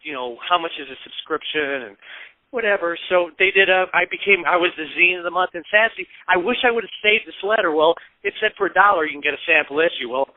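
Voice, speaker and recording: The recording is dry and tinny, like a phone line, as a high-pitched, fast-talking man in his fifties from Peoria, Illinois, in the US Midwest, tells casual stories as an interview guest. He swears from time to time and performs the voices of those he quotes.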